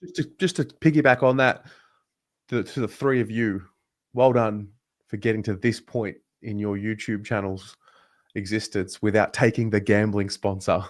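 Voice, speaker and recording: Teasing man with a fairly low voice. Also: steady tone, moderate pace. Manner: teasing, repetitive. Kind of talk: casual panel chat.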